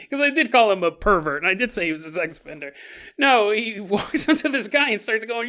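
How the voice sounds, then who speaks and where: A man's voice: sits high, lively intonation, fast, pushed and bright. A man in his forties hosting a podcast, telling stories in a rambling, casual way, correcting himself and chuckling as he goes. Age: 40s. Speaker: podcast host.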